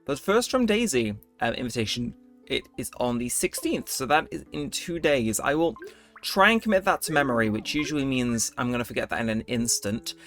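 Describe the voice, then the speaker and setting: A man's voice: medium pitch, lively intonation, a little fast, a bit bright. A man hosting a late-night gameplay video, chatting in a rambling, laid-back way. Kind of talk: casual let's-play commentary. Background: faint game music.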